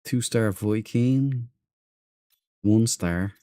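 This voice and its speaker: Speaking extremely slowly, this Irish streamer has a fairly low, mellow voice with a clean tone, recorded in clean studio sound without echo. He chats casually and ramblingly as he plays a space game, addressing both chat and his in-game crew.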